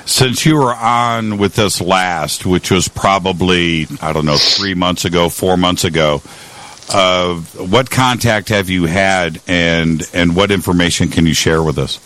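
A man hosting an interview, asking measured questions. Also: deep voice, a bit bright. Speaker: interview host.

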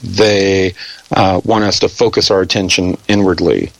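A man being interviewed who talks haltingly with many fillers and restarts, and says he is losing his voice. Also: deep voice, steady tone, vocal fry, poor audio. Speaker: interview guest. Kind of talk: hesitant conversational interview.

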